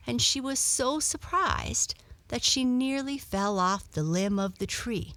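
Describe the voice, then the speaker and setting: A woman reading a children's bedtime story in a gentle, expressive storytelling voice. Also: medium pitch, slow, creaky, no echo.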